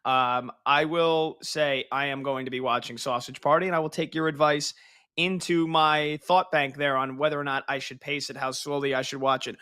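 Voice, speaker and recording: A man's voice: mid-range voice, flat delivery, moderate pace, sharp tone, clear, resonant tone. A man co-hosting a sports radio show, chatting and joking in casual banter.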